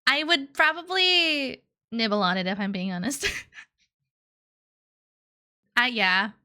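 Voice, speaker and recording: A woman's voice: fairly high pitch, takes it slowly, bright, forceful tone. A young woman streaming live, chatting casually and playfully with her chat, giggling and slipping into cutesy baby talk. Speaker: VTuber streamer.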